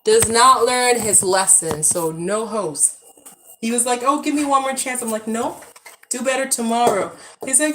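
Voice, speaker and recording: Against a noisy background, a woman in her thirties speaks at a moderate pace in a fairly high voice. The vlogger streams live from home beside the backyard pool, chatting casually with viewers and calling out to scold her kids between asides.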